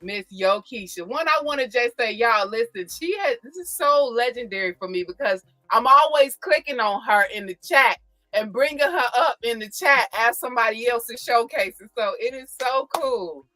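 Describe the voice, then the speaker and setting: A woman hosting a casual chat show, animated and teasing, laughing often. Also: on the high side, normal speed, no echo, soft background music. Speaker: show host.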